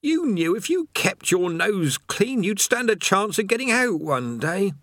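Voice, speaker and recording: A haggard chained prisoner, worn out and complaining, drawing out his words in a high, slightly distant voice, as a man acts him out. Dry, close reading. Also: sing-song, unhurried, fairly bright tone, no room sound, exaggerated voice. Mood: weary. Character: weary chained man condemned to push a rock.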